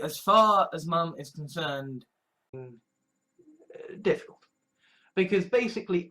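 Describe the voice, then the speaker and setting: A man's voice: a little high, fairly bright tone. A man ranting in a blunt, emotional monologue, swearing freely as an online preacher.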